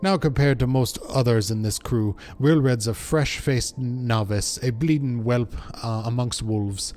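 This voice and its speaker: A man reading the part of a gruff, blunt mercenary officer in a game, speaking the written dialect plainly. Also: medium pitch, unhurried, a little mellow, faint music behind, natural voice. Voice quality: rough working-class dialect as written. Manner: plain read-aloud delivery.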